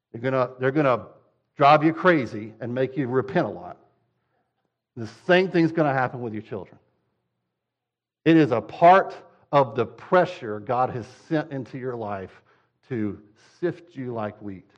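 A man's voice: on the high side, muffled recording. Direct, conversational male pastor. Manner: direct, conversational, with emphatic repetition. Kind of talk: sermon.

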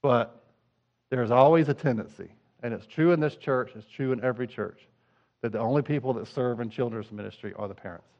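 Conversational pastor preaching, muffled sound. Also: male voice, mid-range voice, brisk. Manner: conversational, swings from hushed to fervent. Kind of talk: sermon.

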